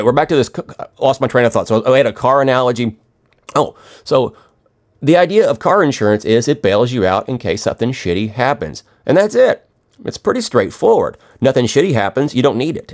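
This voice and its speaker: Crude, rambling man ranting. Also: on the low side. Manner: crude, sarcastic, rambling with restarts. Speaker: podcast ranter. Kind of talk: profane comedic rant.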